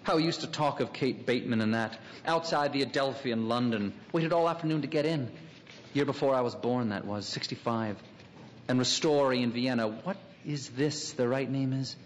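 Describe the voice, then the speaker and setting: A man's voice: medium pitch, moderate pace, a little hiss or hum, close to an everyday voice. An actor playing a wry middle-aged city man, drifting through an inner monologue full of asides. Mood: musing. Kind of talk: radio drama acting. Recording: long hall reverb, faint ambience.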